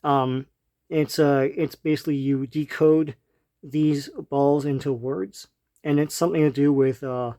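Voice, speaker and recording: A man's voice: a little high, steady tone, unhurried, mellow. A man casually retelling a comic book story as a reviewer, rambling with many ums and restarts. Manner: laughs lightly between remarks.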